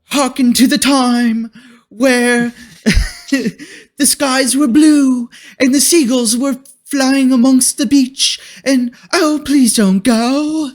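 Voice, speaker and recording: Brief: a man playing a high, melodramatic stage actor, all swooning period speech. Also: steady tone, takes it slowly. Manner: swooning, Shakespearean. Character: overwrought theatrical male period-drama actor.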